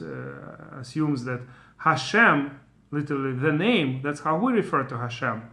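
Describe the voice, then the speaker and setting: A man explains the rhythm of scripture in a relaxed video lesson, pausing and restarting as he thinks. His voice sits a little high and sounds bright and forward. Now and then he chants a short verse to show its beat. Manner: thinks aloud with fillers and restarts. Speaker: Torah teacher.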